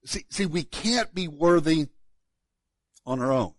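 A man, a pastor, preaching a sermon in a relaxed, conversational way, often repeating words as he restarts a thought. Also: on the high side, slow, dry recording.

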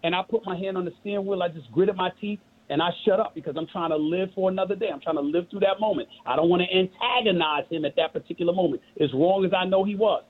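A middle-aged man with a New York accent comes through a thin, phone-like line, his voice a little husky. He argues with force and emphasis, repeating phrases to drive his point home like a sermon. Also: sits high, fast talker, few pauses. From Queens, New York. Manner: forceful, emphatic and preachy, with repetition. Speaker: guest. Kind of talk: impassioned interview talk.

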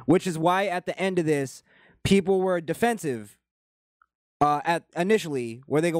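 A man's voice: on the high side, moderate pace, no echo. Profane ranting male commentator, dry sound. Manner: heated, profane, ranting delivery. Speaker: commentary channel host.

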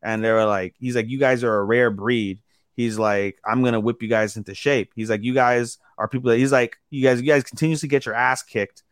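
A man's voice: mid-range voice, fairly quick, no room sound, studio quality. A man co-hosting a podcast, casually recapping an episode and acting out the characters' lines as he goes. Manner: animated retelling that acts out characters' lines with lots of "he's like". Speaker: podcast co-host.

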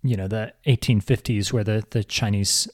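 A man hosting a podcast who explains history casually, with halting restarts. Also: on the low side, fairly even intonation, a little mellow, no room sound, studio quality. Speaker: podcast host. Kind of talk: casual chat.

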